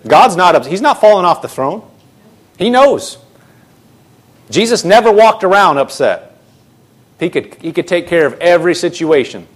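A man preaching a sermon as a pastor, emphatic, repeating phrases and shifting between slow and rushed delivery. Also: sits high.

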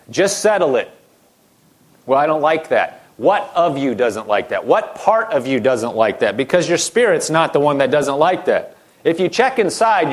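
High-voiced man preaching a sermon. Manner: direct, conversational preaching with acted-out quotes.

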